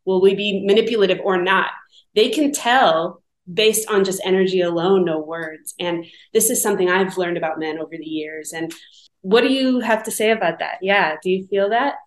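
A woman with a mid-range voice hosts a casual podcast interview, asking curious questions and affirming her guest. Her voice carries an echoey room sound. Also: mid-range voice. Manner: curious and affirming, quick back-channel responses. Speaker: podcast host.

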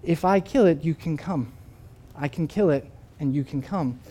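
A man doing a calm, firm angel. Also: on the high side, slow pace.

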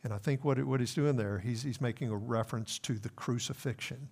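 A man's voice: mid-range voice, vocal fry, a little mellow. Man preaching an earnest sermon. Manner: earnest preaching, slows down for emphasis, repeats words. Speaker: pastor.

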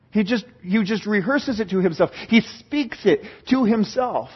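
A man preaching a sermon in an earnest style, swinging from hushed passages to fervent ones. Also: high voice, animated, normal speed, hardly any pauses, slightly rough, highs cut off. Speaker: pastor.

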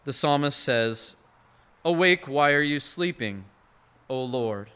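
A man preaching a sermon as pastor, earnest and conversational, swinging from hushed to emphatic. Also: a little high, big pitch swings, slow, long pauses. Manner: conversational asides with short laughs.

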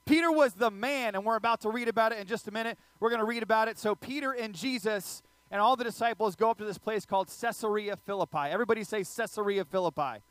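Male pastor, bright high voice, playful sermon storyteller. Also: fast, few pauses, no room sound. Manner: animated, joking, audience asides.

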